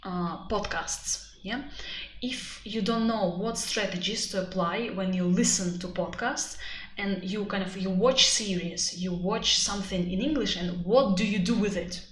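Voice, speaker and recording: A woman with a Russian accent teaches a live webinar at an unhurried, deliberate pace. Her delivery is animated and chatty, with plenty of fillers. The voice sits in a mid range and sounds echoey, with faint noise behind it. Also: mid-range voice. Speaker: IELTS teacher.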